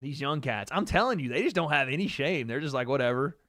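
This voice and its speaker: A young man hosting a livestream, talking in a fairly high voice with loose, excitable energy. He swears freely and reacts on the fly. The sound is dry and close, with no room around it. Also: fast talker, dry recording. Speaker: livestream host. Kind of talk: casual live fight-watching commentary.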